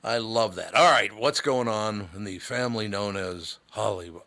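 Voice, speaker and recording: Bright-voiced older man, blunt and ranting. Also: lowish voice, normal speed. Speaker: radio host. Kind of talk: casual chat.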